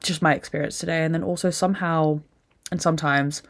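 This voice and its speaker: A woman's voice: sits low, steady tone, a little fast. A young woman hosting a podcast, drained and upset, venting candidly and swearing often. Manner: emotional venting, frequent swearing. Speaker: podcast host. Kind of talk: candid solo monologue.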